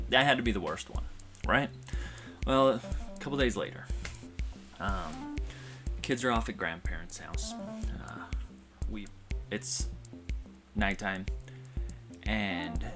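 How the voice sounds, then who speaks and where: A man telling a personal story in a vlog, in a rambling, heartfelt way with many fillers and restarts. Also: on the low side. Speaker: vlogger. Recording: music playing behind.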